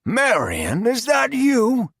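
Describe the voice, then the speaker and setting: A male narrator voicing a gleeful, menacing male cultist who drags out his words in a high, sing-song tone. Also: wildly swooping pitch, slow pace, creaky, fairly bright tone, slightly rough, no room sound, clean studio sound, heavily acted. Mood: calling out.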